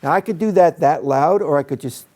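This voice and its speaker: A man demonstrating calm, direct classroom discipline to an audience of teachers. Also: a little high, a little fast. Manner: calm and direct, speaks to the room. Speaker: teacher trainer.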